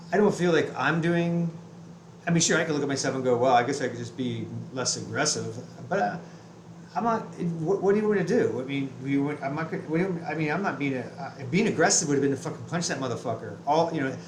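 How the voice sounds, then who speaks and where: A man's voice: medium pitch, roomy sound, background noise. A man telling a heated, profane story about his day in a casual vlog rant, full of restarts. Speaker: vlogger. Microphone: webcam.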